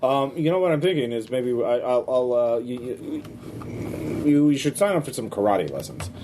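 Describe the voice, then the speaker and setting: A man voicing a calm, fatherly dad who speaks hesitantly. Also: mid-range voice, moderate pace, lightly acted. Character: calm, supportive middle-aged father. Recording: noisy background.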